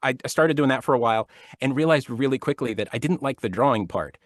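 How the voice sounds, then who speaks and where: A man's voice: medium pitch, fast, no room sound. A man in his thirties, an actor and audiobook narrator, chatting as a guest and telling stories with frequent laughs and restarts. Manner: laughs often, restarts sentences, animated storytelling. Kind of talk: casual interview chat. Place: home studio.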